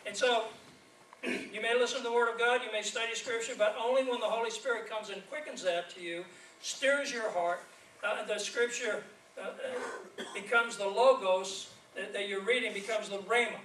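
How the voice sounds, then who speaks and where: A man's voice: sits high, moderate pace, slight background noise. A man preaching as an evangelist, telling stories and laughing through a sermon. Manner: storytelling preacher, lively and laughing. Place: church sanctuary. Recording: echoey church from a distance.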